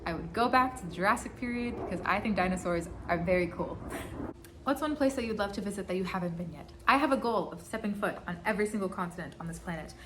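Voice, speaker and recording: Chatty giggly girl in her 20s doing a fan q&a, a bit of hiss in the background. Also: on the low side. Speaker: singer and vlogger answering fan questions. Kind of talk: casual Q&A vlog.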